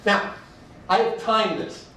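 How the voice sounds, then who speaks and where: Man, high voice, wry comic storyteller, recorded far off in a very echoey room. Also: slow pace, slight background noise. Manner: wry, animated storytelling with mock quotes. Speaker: speaker. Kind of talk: stand-up style speech.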